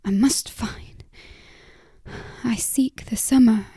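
A woman in a whispered role-play, voicing a lost, desperate young woman who speaks haltingly and urgently. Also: on the high side, steady tone, dark tone, breathy edge, dry recording, full character voice.

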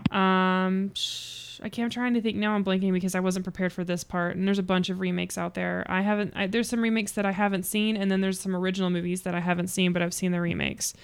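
A woman's voice: mid-range voice, level tone, fast talker, gravelly, slight background noise. A woman co-hosting a casual film podcast, candid and blunt, swearing freely. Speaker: podcast co-host.

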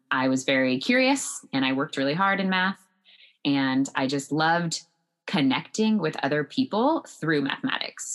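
A woman's voice: low-pitched, fairly bright tone. A woman being interviewed as a guest, answering in an earnest, reflective way with frequent fillers. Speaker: guest, math professor.

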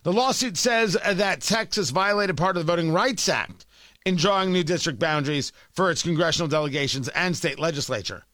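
Sarcastic guy ranting politics on his show, bright sharp voice, dry close mic. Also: on the high side, brisk, no echo. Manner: sarcastic, combative, emphatic repetition. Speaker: political commentary host. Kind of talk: opinionated political monologue.

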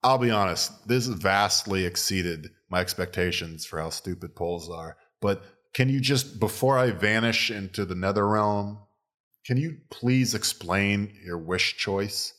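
A sarcastic, exasperated genie in a told joke, put on by a man. The voice is low and deep yet nudged a touch higher than the teller's own, delivered with a quick, needling edge. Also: fairly bright tone. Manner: exasperated, mocking. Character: sarcastic wish-granting male genie. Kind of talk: joke told in casual chat.

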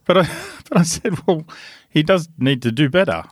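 A man's voice: a little high, expressive, normal speed, no room sound, clean studio sound. A man hosting a podcast, giving blunt, sweary opinions in casual chat. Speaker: podcast host.

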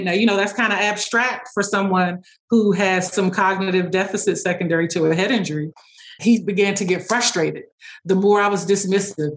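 A woman clinician explains her therapy work as an interview guest, telling anecdotes with animation. Her voice sits at a middle pitch, and laughter often breaks into her talk. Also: steady tone, normal speed, low-quality recording. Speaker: speech-language pathologist guest.

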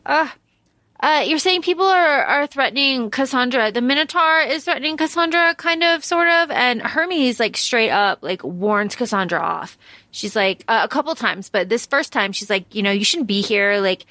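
A woman's voice: high-pitched, lively intonation, moderate pace, bright, forceful tone, dry recording, clean studio sound. A woman co-hosting a podcast, chatting about a book in an easygoing, wry way, often repeating phrases. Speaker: podcast co-host. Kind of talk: casual book discussion.

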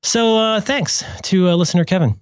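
A man's voice: high voice, moderate pace, clean tone, no echo. Male podcast host, wry, musing, casual; dry, slightly dull recording. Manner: musing, self-correcting, wry. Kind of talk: casual chat.

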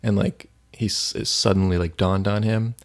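A man's voice: on the low side, steady tone, normal speed, creaky. A man co-hosting a faith podcast, chatting casually and retelling stories with many fillers. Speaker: podcast co-host.

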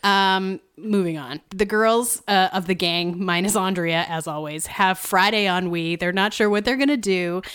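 A woman's voice: mid-range voice, moderate pace, hardly any pauses, a bit bright, clean tone. A woman co-hosting a podcast, casually recapping a TV episode with frequent laughs and wry asides. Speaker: podcast co-host.

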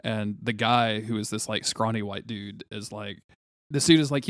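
Animated male podcast co-host, dry sound. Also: on the low side, moderate pace, no room sound. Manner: animated storytelling, acting out quotes. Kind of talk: casual chat.

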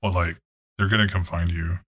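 A man running a tabletop game as game master, talking casually and halting often, with some swearing. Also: sits low, steady tone, fairly bright tone.

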